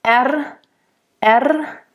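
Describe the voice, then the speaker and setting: Slow German-accented woman singing teacher. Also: high voice, dull audio. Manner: explains slowly, models pronunciation aloud. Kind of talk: diction lesson.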